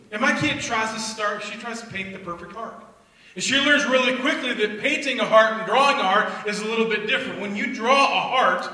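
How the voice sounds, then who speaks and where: Middle-aged male preacher, lively storyteller, high bright voice, distant roomy church-hall recording. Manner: lively storyteller acting out family dialogue. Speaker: speaker at a church youth gathering. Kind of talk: storytelling sermon. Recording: echoey hall from far off, faint noise.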